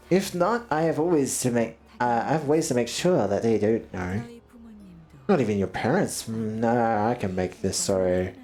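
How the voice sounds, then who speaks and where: Woman voicing a game villain, older man, sly, honeyed, low, slow, condescending. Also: dark tone.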